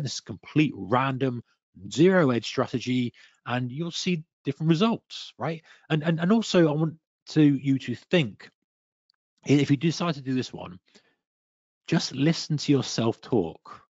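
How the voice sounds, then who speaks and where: A man's voice: medium pitch, dry recording. A man teaching trading in a webinar. He acts out a trader's inner self-talk and makes playful sound effects. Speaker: trading coach presenting a webinar. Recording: dull, slightly lo-fi webinar audio.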